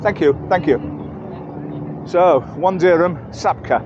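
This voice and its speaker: A man's voice: sits high, slow pace, highs cut off, noisy background. An English man giving a chatty, rambling walking-tour commentary outdoors in busy market streets, correcting himself as he goes. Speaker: travel vlogger.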